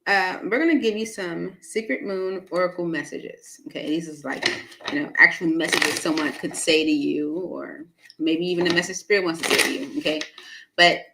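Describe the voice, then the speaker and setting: A woman's voice: fairly low pitch, creaky, heavy background noise. Chatty, laughing tarot-reading woman. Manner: chatty, laughs often, talks to viewers by name. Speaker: tarot reader hosting a live stream. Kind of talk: casual live tarot reading.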